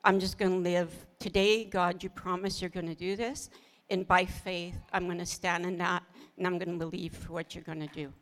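In this casual ministry talk, the middle-aged co-host, a pastor's wife, relates her story earnestly, laughing often and quoting her prayers. Her voice is fairly low and a bit bright, with a level tone at a moderate pace.

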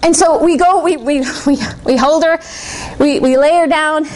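A woman preacher telling a personal story in a lively sermon to a church congregation, laughing often. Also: high voice, moderate pace.

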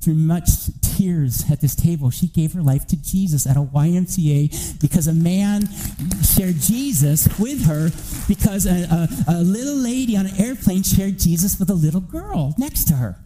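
Male preacher, high voice, very bright edge, animated storyteller, builds to near-shouting. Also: moderate pace, low-quality recording. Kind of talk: sermon testimony.

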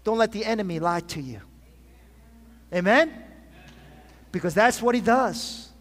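A man's voice: high voice, animated, a little slow, fairly bright tone. A man pastor preaching a sermon to his congregation, asking for call-and-response amens and often restarting his phrases. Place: church sanctuary. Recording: long reverb of a large hall.

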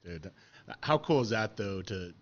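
A man's voice: fairly low pitch, expressive, measured pace, dull audio. A man hosting a casual interview, chatty and easygoing, often laughing along and saying dude. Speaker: podcast host.

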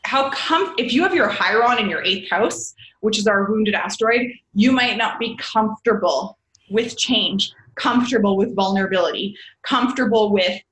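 In a rough recording with an echoey room, a woman speaks at a moderate pace in a medium-pitched, somewhat bright voice. As a podcast guest she rambles casually through astrology, frequently correcting herself, chatting away and calling the listener babes.

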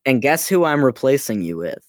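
A woman's voice: very deep voice, big pitch swings, moderate pace, darkish tone, dry recording, studio quality. A woman co-hosting a podcast in casual chat, teasing and sarcastic. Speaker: podcast co-host.

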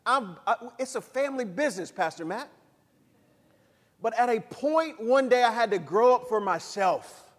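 Male pastor, animated sermon, high voice, long hall reverb. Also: moderate pace. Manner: animated preaching, acts out voices and calls the crowd to repeat.

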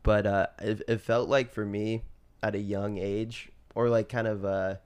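Laid-back young man, rambling and low. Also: flat delivery, a little slow, a little mellow, clean tone. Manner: rambling, many fillers and restarts, laughs often. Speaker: podcast co-host. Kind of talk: casual chat.

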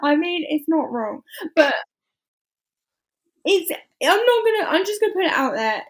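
High-voiced, frank woman. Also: sing-song, normal speed. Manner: frank, opinionated, laughs easily. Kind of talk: casual podcast chat.

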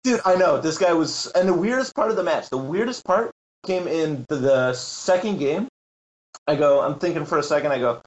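A Magic tournament player, guesting on a casual podcast, tells a story in a slightly high voice at normal speed. He's animated, acts out what others said, and laughs often, though the audio is poor.

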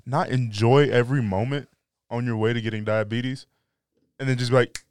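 A man's voice: mid-range voice, steady tone, moderate pace, a little mellow, smooth. A young man hosting a casual podcast, joking and swearing, often breaking off mid-sentence to restart. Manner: swearing, joking, self-interrupting. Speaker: podcast host. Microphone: podcast microphone.

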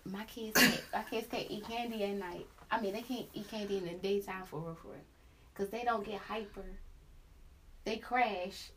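A woman in her thirties hosting a casual podcast chat, loud and profane, laughing often. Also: medium pitch, background noise. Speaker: podcast host.

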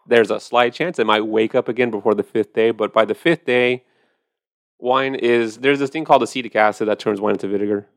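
A man's voice: mid-range voice, steady tone, a little fast, dry recording. A man hosting a podcast, chatting casually and animatedly about wine, with profane storytelling. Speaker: podcast host.

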